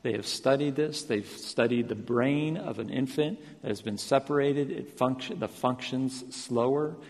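A man preaching a sermon, repeating phrases with rising emphasis and then dropping to a quiet, slow delivery. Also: mid-range voice. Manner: builds to loud emphatic repetitions, then drops soft and slow. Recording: long reverb of a large hall.

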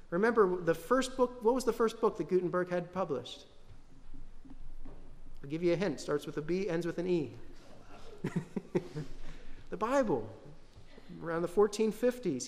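Male pastor, high voice, conversational sermon delivery, long church reverb. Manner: conversational, asks the congregation questions.

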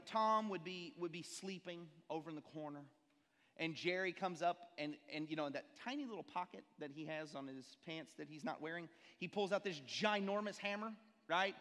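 High-voiced preacher in a reverberant hall. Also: male voice. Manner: animated storytelling preacher, rhetorical questions. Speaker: pastor. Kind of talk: sermon. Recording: long reverb in a church hall.

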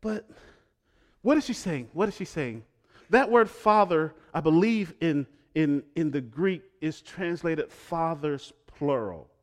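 Middle-aged pastor guy preaching, voice sits a bit high and jumps all over, goes loud then real quiet. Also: takes it slowly. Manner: animated preaching, swinging from loud to hushed. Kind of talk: sermon.

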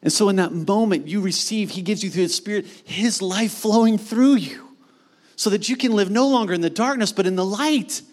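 Male pastor, 30s, high-pitched; casual, animated sermon delivery with slangy asides. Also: moderate pace.

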